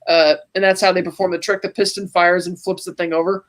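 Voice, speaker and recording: A podcast co-host on a call, casually recapping a film scene beat by beat in an animated, storytelling way. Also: mid-range voice, fast talker. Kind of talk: casual movie recap chat.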